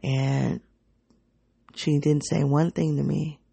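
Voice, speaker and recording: A woman hosting her own podcast, speaking in an introspective, halting, emotionally raw personal reflection. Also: low-pitched, little pitch movement, creaky, dark tone, breathy edge, dry recording. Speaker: podcast host.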